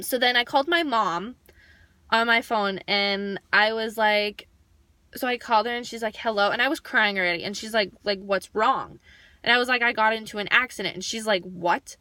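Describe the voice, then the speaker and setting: A young woman vlogger telling a story in a chatty, animated way, saying "like" constantly. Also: on the high side, no echo. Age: young adult. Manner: chatty, heavy use of "like", animated retelling. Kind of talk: storytime vlog.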